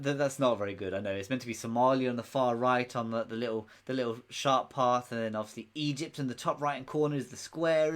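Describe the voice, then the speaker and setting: A man hosting a casual live quiz stream, chatty and rambling, often laughing. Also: medium pitch. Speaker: quiz host.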